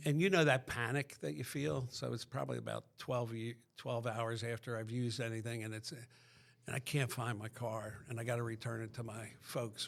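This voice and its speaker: A man's voice: mid-range voice, gravelly. A middle-aged man from Pennsylvania, a podcast guest, tells his recovery story in a rambling way, full of restarts.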